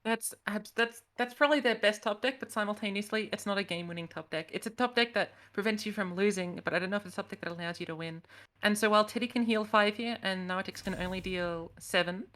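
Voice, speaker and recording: Fast and fairly bright at a mid-range pitch, this esports co-caster from the Americas works through the live game out loud. She's analytical but frequently doubts her own calls.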